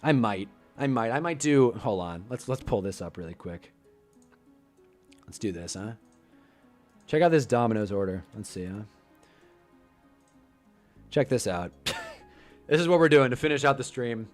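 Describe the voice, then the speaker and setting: A young man hosting a live stream, ranting casually and growing loud in outbursts. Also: mid-range voice, lively intonation, moderate pace, long pauses, faint music behind. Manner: frustrated, swearing, swings into loud outbursts.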